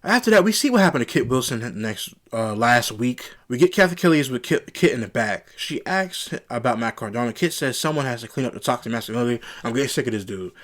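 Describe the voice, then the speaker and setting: Male solo reviewer at an ordinary pitch, worked up and exasperated, firing off repeated rhetorical questions. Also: animated, fast talker, few pauses, fairly bright tone. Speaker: wrestling show reviewer. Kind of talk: opinionated solo review rant.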